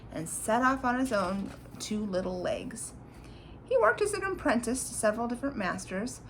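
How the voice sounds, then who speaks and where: A woman reading a storybook aloud to a child, animated and pointing out the pictures as she goes. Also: medium pitch, slight background noise, poor audio.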